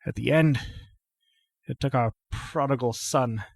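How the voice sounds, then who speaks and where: A man's voice: expressive, slow, vocal fry, slightly rough, no room sound, heavily acted. Man doing a bitter old patriarch, coughing and spent, for a tabletop game. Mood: resigned. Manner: weary, cracked, raises pitch.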